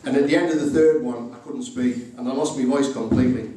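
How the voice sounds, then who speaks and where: A mellow, mid-range voice with fairly even intonation carries the middle-aged groom's quick, humorous wedding speech as he acts out both halves of each conversation. It was recorded from afar in a very echoey indoor reception room.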